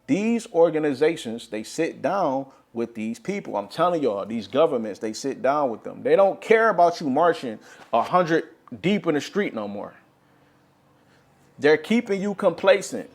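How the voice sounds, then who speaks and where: A man's voice: a little high, very animated, normal speed. A man giving an impassioned religious monologue, talking urgently and repeating himself as he grows frustrated. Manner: frustrated, urgent preaching with repetitions. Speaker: religious speaker.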